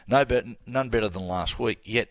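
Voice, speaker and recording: A middle-aged Australian man co-hosting casual sports radio, telling animated stories and acting out the people he quotes. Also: on the low side, moderate pace, no room sound. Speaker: radio co-host.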